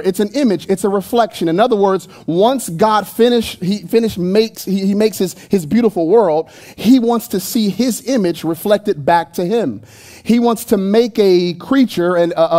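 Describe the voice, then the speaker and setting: A man's voice: high voice, a little mellow. A man preaching a sermon in a church, talking in a loose, playful, conversational way with jokes and asides to the congregation. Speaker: pastor. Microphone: handheld microphone.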